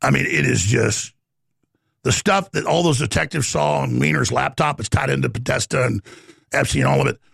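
A man with a strongly gravelly, raspy voice pitched a bit high, ranting through a talk radio monologue. He rambles and jumps from topic to topic with heat. The sound is close and dry, with no room echo. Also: normal speed, a bit bright. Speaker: talk show host.

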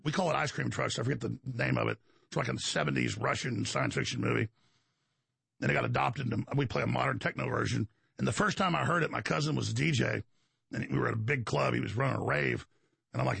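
A man's voice: mid-range voice, brisk, gravelly, a bit bright, husky, no echo. A man with a Texan accent hosting a talk show, delivering a combative, rambling monologue to his listeners. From Texas. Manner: combative, digressive, addresses listeners as folks.

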